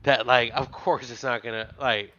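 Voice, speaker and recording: Bright-voiced young man, dry and dull. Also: medium pitch, fairly even intonation, moderate pace. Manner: musing, reminiscing, hedging. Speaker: podcast co-host. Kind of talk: casual chat.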